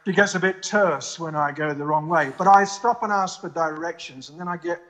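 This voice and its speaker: A man with a fairly high voice and a bright, forceful tone, talking as a guest over a video call. He jokes at his own expense and turns earnest on serious matters. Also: fairly quick. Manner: self-deprecating, joking, then earnest. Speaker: interview guest. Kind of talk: casual conversation. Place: home in the US, remote link.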